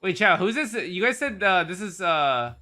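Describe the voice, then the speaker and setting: A man's voice: high voice, big pitch swings, moderate pace, bright, forceful tone, soft background music. A young man streaming a game, rambling casually to his chat with swearing and restarts.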